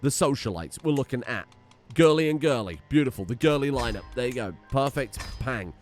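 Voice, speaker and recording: A young man talks through his gameplay in a casual, excitable way, thinking aloud and swearing now and then. His pitch jumps around a lot as he speaks. Faint music plays quietly underneath. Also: fast. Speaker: let's play host.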